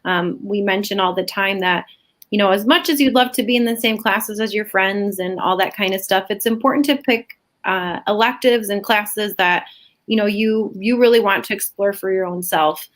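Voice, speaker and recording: A woman's voice: medium pitch, normal speed. A woman school counselor giving chatty, filler-filled advice on a panel.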